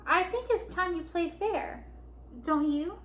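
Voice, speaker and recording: A woman's voice: slow, fairly bright tone, a little hiss or hum, heavily acted. A woman voicing a proud male lion king who roars boldly. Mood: timid. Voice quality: booming roars, grows from timid to commanding. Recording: echoey room.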